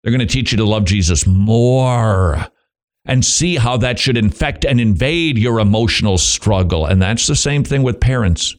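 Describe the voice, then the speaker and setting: A man's voice: on the low side, moderate pace. Emphatic preaching radio host man. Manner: emphatic, animated, rhetorical questions. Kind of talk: preaching on biblical parenting.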